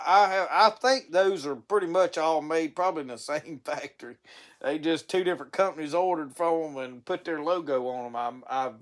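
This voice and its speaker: A man's voice: fairly high pitch, a bit bright. A man, hosting a casual live stream, rambling in a folksy way with stammering restarts and chuckles. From Mississippi.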